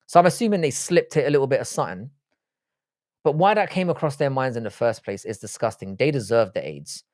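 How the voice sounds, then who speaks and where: A man's voice: medium pitch, dry recording, clean studio sound. A man in his forties who grew up in England, hosting a live stream and reading viewer comments in crude, profane banter.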